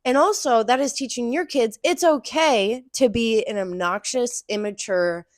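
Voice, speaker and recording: A young woman co-hosting a casual chat show, telling animated stories about her work as a cashier. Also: measured pace, dry recording, studio quality. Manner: animated storytelling, acts out customers in high voices. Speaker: podcast co-host.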